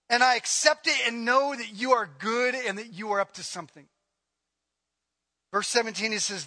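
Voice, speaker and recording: High, bright-voiced male preacher. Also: normal speed. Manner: emphatic preaching, swinging between loud and hushed. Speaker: pastor. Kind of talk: sermon.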